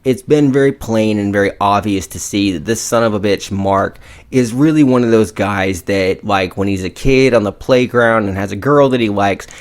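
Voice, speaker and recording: A low-voiced man co-hosting a podcast who recaps a movie plot with animated, profane energy. He talks in a casual, loose way. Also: normal speed. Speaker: podcast co-host.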